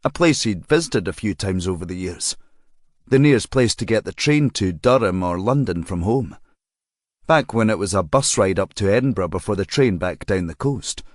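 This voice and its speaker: A man narrating an audiobook crime novel in a measured, even storytelling manner. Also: lowish voice, no room sound, clean studio sound. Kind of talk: scripted narration.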